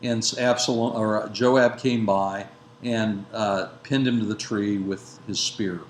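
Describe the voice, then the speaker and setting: A man giving a lecture that retells a biblical narrative. He speaks in a measured way, with frequent fillers and self-corrections. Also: lowish voice, fairly even intonation. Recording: roomy echo with faint background noise.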